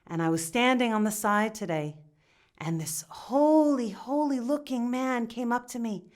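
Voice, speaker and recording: A woman's voice: a little high, unhurried, lightly acted. A woman telling it as a guilt-ridden young villager. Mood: remorseful. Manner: confessional, stammering with restarts.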